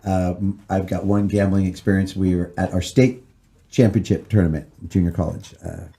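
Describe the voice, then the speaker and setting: A man hosting a podcast, chatting casually and telling a story in a relaxed way. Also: low-pitched, moderate pace, gravelly. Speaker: podcast host. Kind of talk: casual chat.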